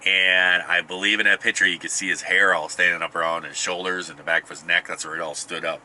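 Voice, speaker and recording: Middle-aged man, deep voice, sharp edgy tone, rambling chat, faint hum behind. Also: little pitch movement, fast. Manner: rambling, with restarts and chuckles. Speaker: podcast host. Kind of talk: casual storytelling.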